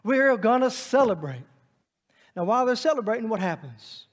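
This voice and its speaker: Preacher, male, high-pitched voice, dynamic sermon delivery, loud to hushed, in a large hall with long reverb. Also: big pitch swings, moderate pace.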